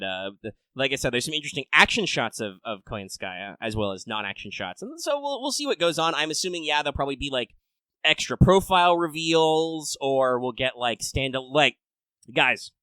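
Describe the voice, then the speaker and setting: A man hosting a casual podcast, rambling and swearing, swinging between loud rants and low mutters. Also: clear, resonant tone, no room sound, rough recording. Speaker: podcast host.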